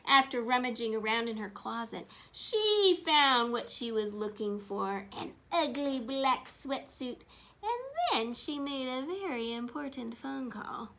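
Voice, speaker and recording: A woman reading a children's picture book aloud, animated and asking her listeners questions. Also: fairly high pitch, unhurried. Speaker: storyteller.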